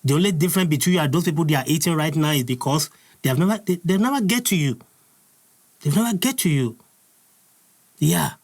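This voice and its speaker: Impassioned Nigerian man, husky voice. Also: on the high side, animated, fairly quick, long pauses. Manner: furious, preaching, repeats his points. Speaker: host. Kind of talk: impassioned commentary.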